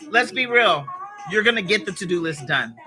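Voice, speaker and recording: Woman host, casual live-stream pep talk, very bright sharp tone, lively swings in pitch, faint music underneath. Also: normal speed. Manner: chatty and encouraging, talks straight to viewers. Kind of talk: casual motivational chat while arranging flowers.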